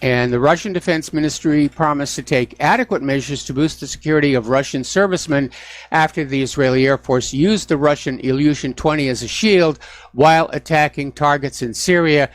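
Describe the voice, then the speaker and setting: A man's voice: mid-range voice, normal speed, dry recording. A man hosting a political call-in radio show, talking through the news with sarcastic asides. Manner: sarcastic, mocking blustery officials. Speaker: radio talk show host. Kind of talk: political talk radio monologue. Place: radio studio.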